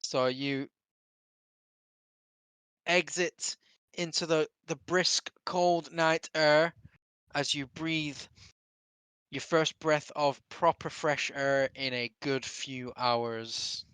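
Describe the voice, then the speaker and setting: Male game master, rambling casual narration, bright tone. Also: on the high side, fairly even intonation, drawn-out words, long pauses, clear, resonant tone, no room sound. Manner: loose, rambling narration with fillers and laughter.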